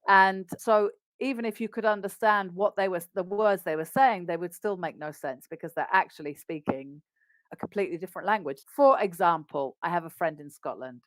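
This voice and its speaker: A woman's voice: fairly low pitch, moderate pace, no room sound. A woman with an English RP accent, a business English coach, explaining practical tips in an upbeat conversational interview.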